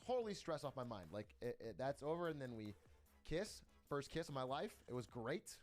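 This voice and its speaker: A young man streamer telling a personal story in a casual, animated way, swearing often and laughing between lines. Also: medium pitch, fairly quick, faint music behind.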